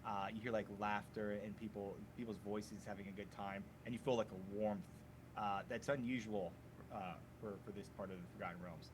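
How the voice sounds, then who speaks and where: A man narrating scenes as a tabletop game master in a relaxed way, full of fillers. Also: lowish voice, brisk, background noise.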